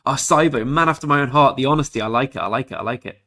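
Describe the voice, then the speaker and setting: A man's voice: medium pitch, expressive, racing, vocal fry, bright, forceful tone. A laid-back young Englishman streaming a game and chatting with viewers in a jokey, easygoing way. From England. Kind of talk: casual livestream chat with viewers.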